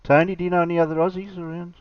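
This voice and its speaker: A man hosting a live stream, chatting casually and muttering hesitantly while he works his stream software. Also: high-pitched, little pitch movement, racing, dry recording. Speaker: livestream host. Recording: distant muffled mic.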